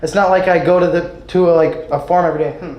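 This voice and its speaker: A man from Kansas with a Kansas accent performing at an open mic. His voice sits a bit high and wanders along with halting fillers and self-deprecating asides. The room gives the sound a roomy echo. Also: steady tone, a little mellow. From Kansas, United States. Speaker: stand-up comic.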